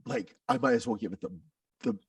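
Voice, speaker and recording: A man's voice: mid-range voice, fairly quick, breathy edge, no echo, clean studio sound, far from the mic. A man who is a podcast guest tells his own story candidly, with intense, blunt talk and frequent swearing.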